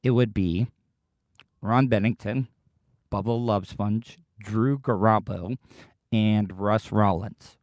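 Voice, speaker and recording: Male podcast host, strained tired voice, excitable rambling delivery, dry close sound. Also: on the low side, slow pace, pauses often, no echo. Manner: excitable, swears casually. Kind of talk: rambling livestream chat.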